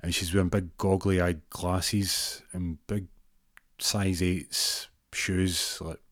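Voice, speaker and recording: A man's voice: deep voice, flat delivery, takes it slowly, a bit bright, dry recording, studio quality. A man telling a funny story in a rambling way, full of fillers and restarts. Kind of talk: comic storytelling.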